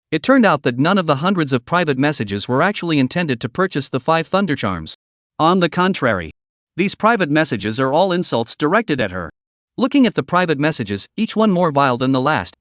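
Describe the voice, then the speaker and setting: A man tells a comic recap in scripted, dramatic storytelling. His voice sits somewhat high and swings widely in pitch. The recording is dry and close, with no room sound. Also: no room sound. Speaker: narrator.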